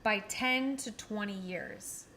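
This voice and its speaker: A woman's voice: mid-range voice, slow pace, bright, forceful tone, a little hiss or hum. A woman co-hosting a casual podcast chat, blunt and swearing freely, laughing now and then as she talks. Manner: blunt, swears often, laughs mid-sentence. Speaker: podcast co-host.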